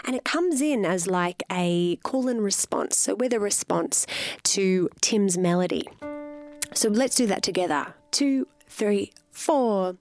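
A woman's voice: medium pitch, slow, faint music behind. A woman hosting a chat and then patiently teaching vocal harmonies, counting the singers in. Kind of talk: casual chat and singing lesson.

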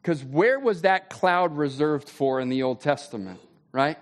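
Conversational preaching man, fairly high voice. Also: a little slow. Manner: conversational preaching, rising pitch when excited. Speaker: pastor. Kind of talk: sermon.

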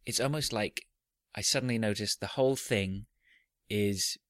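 A man's voice: on the low side, normal speed, no echo, studio quality. A man hosting a casual podcast chat about games, rambling and often restarting his sentences. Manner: rambling, self-interrupting, animated. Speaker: podcast host.

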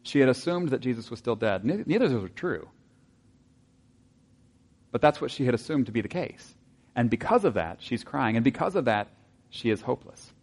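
A man preaching a sermon in a conversational way, asking his listeners rhetorical questions and dropping into soft asides. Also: medium pitch, big pitch swings, brisk, pauses often. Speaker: pastor.

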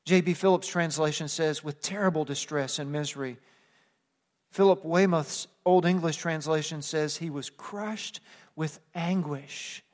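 A man's voice: a little high, unhurried, long reverb tail. A man preaching a sermon as pastor, earnest, with casual acted-out asides. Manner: earnest preaching, acts out plain-spoken asides.

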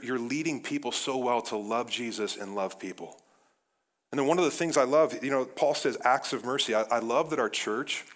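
Man, pastor, energetic casual sermon, mid-pitched voice, conversational fillers. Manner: energetic, casual, with frequent "like" and "guys".

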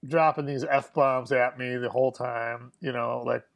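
A man's voice: medium pitch, steady tone, measured pace, gravelly. A young man telling a story in a casual chat, laughing often and swearing as he acts out what others said. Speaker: guest musician.

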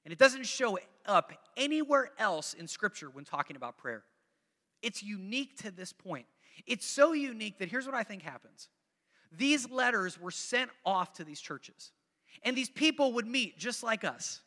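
A male pastor preaches a sermon in a high-pitched, very animated voice with a sharp tone, at normal speed, and the sound has a big-room feel. He talks conversationally with the congregation, repeating phrases for emphasis and coaxing people to join in.

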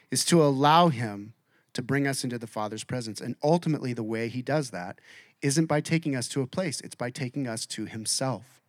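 A man preaching a sermon, acting out quoted voices and swinging between loud and soft. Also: medium pitch, dry recording, studio quality. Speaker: pastor.

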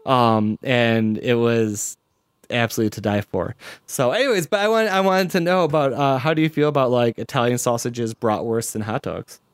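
A man hosts a podcast in loose, casual chat, his voice sitting at an ordinary middle pitch. He laughs often and stacks up fillers and restarts as he goes. The sound is dry and close. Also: moderate pace, clean tone, no echo. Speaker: podcast host.

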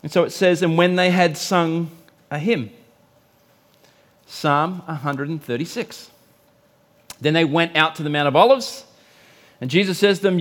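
A middle-aged man preaching a sermon, telling stories and acting out quotes with big swings in pitch and volume. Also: normal speed, pauses often. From Australia. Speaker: pastor.

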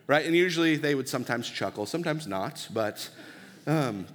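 A man's voice: medium pitch, lively intonation, moderate pace, a bit bright. A man in his thirties preaching a sermon in a conversational, storytelling way and often checking for the audience's agreement. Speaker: pastor. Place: church. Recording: long reverb of a church hall.

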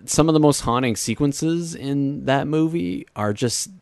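A man's voice: medium pitch, measured pace, a little mellow, no echo. A man in casual chat who often chimes in and finishes the other speaker's sentences.

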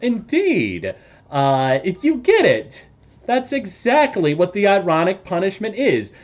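A man's voice: sits high, wildly swooping pitch, measured pace. A man narrating as game master of a tabletop game, hesitant with many fillers and jokes.

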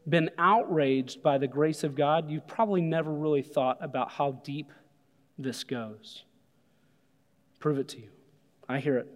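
A man preaching a sermon, animated, acting out voices when he quotes people. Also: a little high. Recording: long hall reverb.

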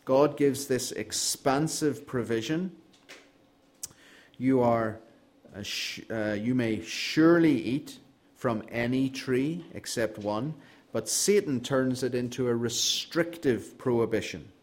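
Guy preaching, earnest and emphatic, mid pitch, dry jokes. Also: slow. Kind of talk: expository sermon.

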